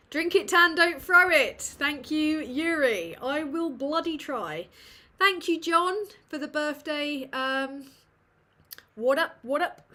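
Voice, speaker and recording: A woman's voice: sits high, a bit bright. A woman from England, hosting a live Q&A in a sweary, self-mocking, rambling way. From northern England. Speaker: livestream host. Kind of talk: casual live Q&A chat.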